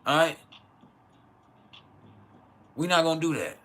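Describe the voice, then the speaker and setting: A man's voice: on the high side, sing-song, takes it slowly, fairly bright tone. Blunt, foul-mouthed man. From West Texas, US. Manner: blunt, profane, joking, answers chat. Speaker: livestream host. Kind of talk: casual livestream rant.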